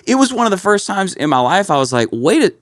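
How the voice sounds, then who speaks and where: A man's voice: sits high, big pitch swings, quick pace, a little hiss or hum. A man hosting a casual podcast, telling stories with lots of energy and calling his co-host bro and dude. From Kentucky.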